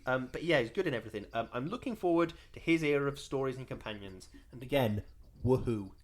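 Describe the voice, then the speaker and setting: A man's voice: medium pitch, lively intonation. A man co-hosting a casual podcast chat, enthusiastic and chatty. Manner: enthusiastic, fast, bouncy intonation. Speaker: podcast co-host.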